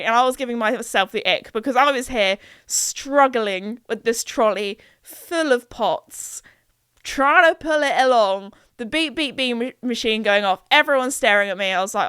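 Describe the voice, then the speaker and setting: A young woman tells a rambling, self-mocking story on her podcast. Her voice sits fairly high and sounds smooth and clear. The recording is dry and close, with no room sound. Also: normal speed, fairly bright tone, dry recording. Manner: chatty, self-mocking, acts out her own quoted remarks in higher voices. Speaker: podcast host. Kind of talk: casual storytelling monologue.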